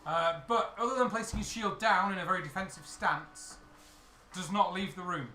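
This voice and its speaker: A man with a high, bright voice runs a tabletop game as dungeon master, describing each blow and spell in steady detail. He sounds like he is in an echoey room. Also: moderate pace, slight background noise.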